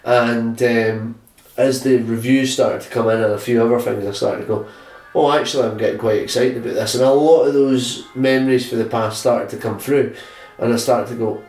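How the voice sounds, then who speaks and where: A man's voice: medium pitch, steady tone, normal speed, darkish tone, faint music behind. A man hosting a podcast who rambles through casual chat, laughs often and swears without a second thought. He sits back from the mic in an echoey room, so his voice sounds roomy and a little distant. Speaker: podcast host.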